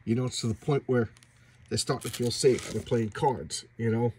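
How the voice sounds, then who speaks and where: Excited man recapping a comic. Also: mid-range voice, moderate pace, slight background noise. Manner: excited storytelling with sound effects and acted-out quotes. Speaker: comic book reviewer. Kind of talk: casual comic book recap.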